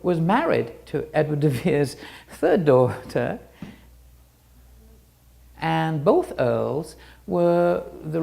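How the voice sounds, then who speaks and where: A woman's voice: on the low side, creaky, dark tone. A woman giving an illustrated talk with slides, explaining step by step and often restarting her sentences. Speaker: presenter.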